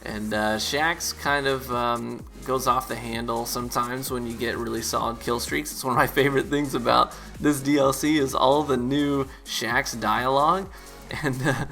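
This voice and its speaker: A man giving relaxed, chatty gameplay commentary as a streamer. He uses lots of fillers and laughs easily. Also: mid-range voice, normal speed, gravelly, faint music behind. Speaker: gaming YouTuber and streamer.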